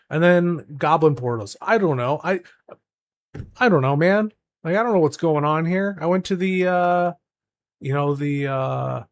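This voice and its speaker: Exasperated gaming streamer, slightly high voice. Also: male voice. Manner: exasperated, rambling with frequent restarts. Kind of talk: casual ranting commentary.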